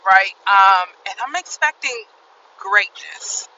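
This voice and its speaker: A woman's voice: mid-range voice, unhurried, recorded from a distance, highs cut off. A woman talking casually in a motivational vlog while driving, often adding "right?" to her points. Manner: chatty, says "right?" often. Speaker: vlogger. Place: inside a car, driving. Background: vehicle noise.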